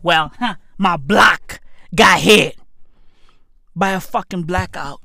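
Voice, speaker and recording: A young man with a South African accent, delivering a profane comedic rant that swings into frequent shouting and laughter. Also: high-pitched, slow pace, creaky, no echo, clean studio sound. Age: young adult. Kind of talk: ranting comedic monologue.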